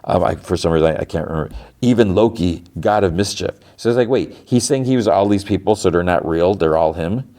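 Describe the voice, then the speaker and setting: A man's voice: sits low, fast talker, dark tone. A man hosting a podcast, recapping a TV episode in a loose, rambling way full of fillers and restarts. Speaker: podcast host.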